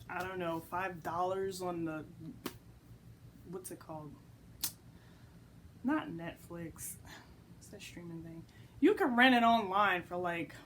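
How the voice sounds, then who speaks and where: Young woman, casual vlog review, blunt, filler-heavy, mid pitch. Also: slight background noise. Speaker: movie reviewer.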